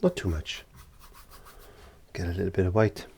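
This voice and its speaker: A man teaching a painting lesson, gentle and encouraging, sometimes dropping into whispered asides, indoors in a studio. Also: deep voice, steady tone, normal speed, creaky, slight background noise. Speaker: art teacher. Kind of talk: painting tutorial.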